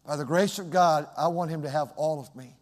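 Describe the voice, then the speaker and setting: High-voiced preacher with booming swings. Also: male voice, fairly quick. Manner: swings from loud shouted emphasis to soft, hushed asides. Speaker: pastor. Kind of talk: sermon. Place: church sanctuary. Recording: long hall reverb.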